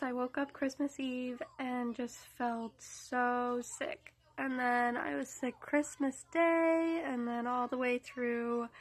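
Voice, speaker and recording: A young woman with a congested, stuffy-nosed voice, chatting casually to the camera at home about her day as a mom. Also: high-pitched. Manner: chatty, rambling. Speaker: mom vlogger. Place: at home indoors.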